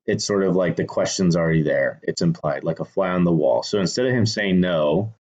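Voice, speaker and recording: A man with a very low voice talks casually through his screenplay edits. He thinks aloud, restarting sentences and filling pauses as he goes. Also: a little mellow, muffled recording. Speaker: screenwriter teaching revision. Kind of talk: casual instructional talk.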